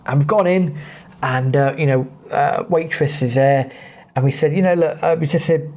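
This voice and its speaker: A man with an English accent, a podcast host telling travel anecdotes in a lively, casual way and laughing often. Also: on the high side, moderate pace.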